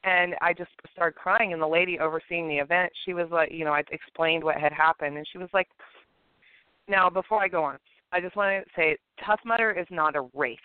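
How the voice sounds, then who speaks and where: A woman co-hosting a podcast, telling a personal story in a casual, animated way and acting out the people in it. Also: fairly low pitch, a little fast, clear, resonant tone, no echo. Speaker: podcast co-host. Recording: tinny phone-line sound.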